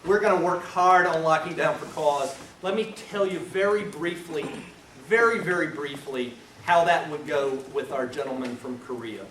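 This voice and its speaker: A man, a defense lawyer, teaching a seminar with animated storytelling, acting out scenes and swinging between loud and hushed talk. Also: fairly high pitch, moderate pace. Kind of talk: lecture with storytelling. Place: lecture room. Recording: echoey room, far mic, noisy.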